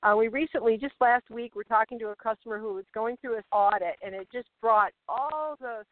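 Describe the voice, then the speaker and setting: A woman's voice: a little high, a little fast, no room sound. Woman explaining over a phone line. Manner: explanatory, hesitant with fillers. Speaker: regular guest on mortgage industry show. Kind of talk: casual update by phone. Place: car pulled over by a rural road. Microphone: cell phone.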